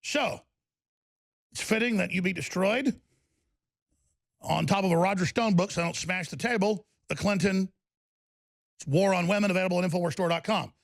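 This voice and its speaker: A man's voice: high voice, normal speed, gravelly, long pauses. A middle-aged man hosting a talk radio show, ranting with energy and tripping over his own restarts in the studio. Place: broadcast studio.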